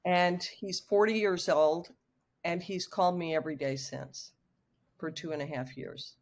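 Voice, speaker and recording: Brief: woman, 60s, low-ish voice, candid and vivid storyteller speaking over a video call. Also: steady tone, unhurried, darkish tone. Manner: emotional, frank, vivid storyteller. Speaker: guest author.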